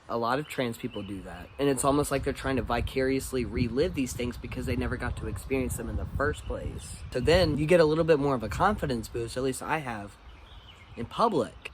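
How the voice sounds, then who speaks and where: Man, casual vlog monologue, blunt, swears freely, middle pitch, faint background noise. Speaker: vlogger.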